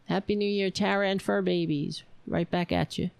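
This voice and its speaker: A woman hosting a live stream, chatting casually in a rambling, halting way, reading viewer comments. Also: medium pitch, fairly even intonation, vocal fry, a little mellow, clear, resonant tone, dry recording. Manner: rambling, halting, laughs often, chatty with cats. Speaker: livestream host.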